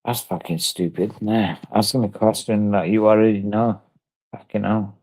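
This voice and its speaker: Drunk man ranting, low voice. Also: fairly even intonation, normal speed, darkish tone, no echo, low-quality recording. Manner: profane, rambling and repetitive. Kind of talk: angry livestream rant.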